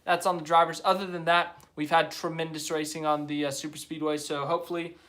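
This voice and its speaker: A man's voice: on the high side, level tone, fairly quick, sharp tone. A young man hosting a live stream, chatting casually and rambling as he reads viewer comments aloud. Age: young adult.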